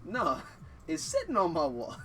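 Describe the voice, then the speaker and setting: Faint music plays behind a high-pitched man speaking at a moderate pace as a guest storyteller. He recounts something funny with casual profanity, animatedly impersonating the people he quotes, captured by a far-off mic with clear background noise.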